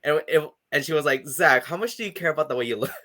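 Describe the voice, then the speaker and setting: A man's voice: on the high side, expressive, fast, sharp tone. A man co-hosting a podcast, chatting casually with lots of fillers and laughter. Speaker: podcast co-host. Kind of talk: casual chat.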